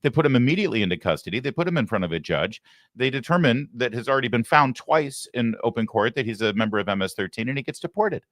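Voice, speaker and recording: A male host delivering political commentary with emphasis and a lively, swinging pitch. He speaks close to a studio mic. The sound is dry. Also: quick pace, dry recording. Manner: animated, emphatic. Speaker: talk show host. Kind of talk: political talk show commentary.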